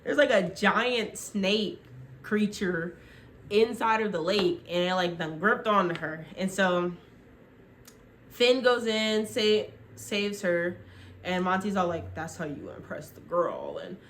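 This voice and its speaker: A young woman vlogger casually retelling a TV show into her phone, rambling and full of "like" as she acts out quick quotes. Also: mid-range voice, slight background noise.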